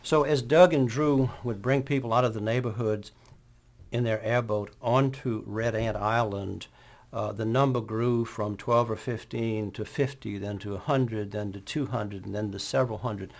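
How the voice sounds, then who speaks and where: A man calmly retelling events in a documentary interview. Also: fairly low pitch, creaky. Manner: measured retelling.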